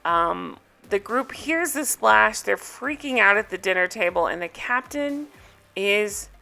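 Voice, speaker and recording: Chatty woman with a bright, gravelly voice. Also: mid-range voice, expressive, unhurried. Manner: chatty and amused, with frequent ums. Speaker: reality TV recap host. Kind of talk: casual recap chat.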